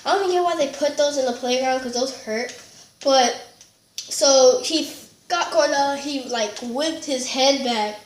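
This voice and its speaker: A woman's voice: high-pitched, a little slow, echoey room, slight background noise. A woman telling a funny school story in casual chat, rambling and giggly with lots of fillers and restarts. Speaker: storytelling vlogger.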